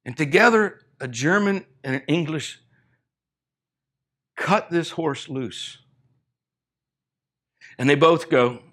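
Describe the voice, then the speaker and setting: A middle-aged man preaching a sermon, retelling a story and acting out the characters' lines, building to loud, emphatic peaks. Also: fairly high pitch, slow, pauses often. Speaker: pastor.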